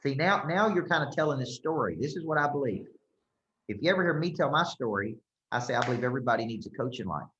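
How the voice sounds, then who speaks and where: A man's voice: mid-range voice, expressive, quick pace, a bit bright, a little hiss or hum. A man coaching a group, speaking emphatically and checking in often with "okay?" and "right?". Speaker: business coach. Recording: roomy, slightly dull sound.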